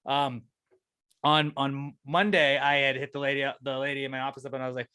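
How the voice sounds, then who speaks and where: A man co-hosting a podcast, telling a long profane rant about his apartment that keeps climbing in pitch when he gets angry. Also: little pitch movement, brisk, pushed and bright, smooth, no room sound. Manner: ranting, profane storytelling, voice rising when angry. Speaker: podcast co-host. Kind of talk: casual chat.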